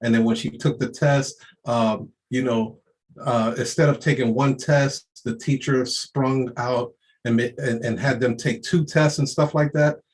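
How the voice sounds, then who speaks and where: A man's voice: mid-range voice, fairly even intonation, measured pace. A man giving an unscripted motivational rant, streetwise, profane and emphatic, often laughing. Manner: streetwise slang. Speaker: motivational speaker.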